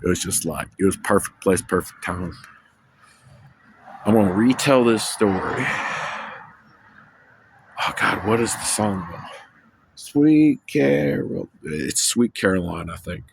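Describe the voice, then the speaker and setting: A man's voice: deep voice, unhurried, pauses often, slight background noise. Man rambling in a scattered monologue. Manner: scattered, loses his train of thought, swears casually. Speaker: vlogger.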